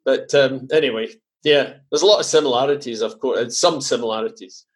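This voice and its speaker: A man with a Scottish accent, a podcast guest talking casually and haltingly, with many fillers and restarts. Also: medium pitch. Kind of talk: casual conversation.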